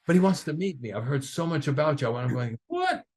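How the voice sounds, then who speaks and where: A man's voice: on the high side, fast, husky. An older man, a guest drummer, telling stories in a casual interview and acting out what others said. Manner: animated, acts out other people's lines in his stories.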